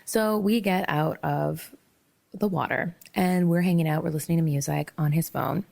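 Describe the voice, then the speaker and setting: Young woman podcast host, low gravelly voice, animated storyteller who acts out dialogue. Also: moderate pace. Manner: animated, laughing, acts out both sides of conversations. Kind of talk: casual storytelling.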